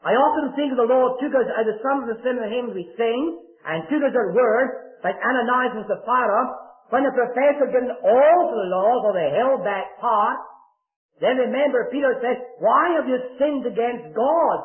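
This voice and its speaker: An older man preaching a sermon, earnestly telling stories and dropping to a hush at solemn moments. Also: very high voice, normal speed. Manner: earnest, swings from raised to hushed. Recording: echoey, tinny lo-fi old recording.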